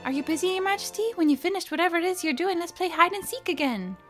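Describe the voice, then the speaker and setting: A woman's voice: extremely high pitch, animated, fast, fairly bright tone, faint music behind, voice pushed up. A woman reading a game's lines for a cheerful little girl. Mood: pleading.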